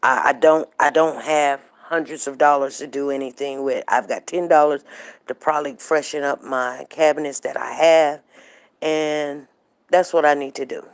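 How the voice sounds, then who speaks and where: A woman's voice: sits low, fairly even intonation, normal speed. A middle-aged woman hosting a live show, chatting casually and telling stories straight to her viewers. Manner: chatty, storytelling, addresses viewers directly.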